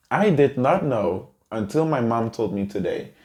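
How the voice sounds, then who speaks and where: A man's voice: mid-range voice, sing-song, measured pace, darkish tone. A man earnestly and emotionally telling a personal story to camera in a vlog. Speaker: vlogger.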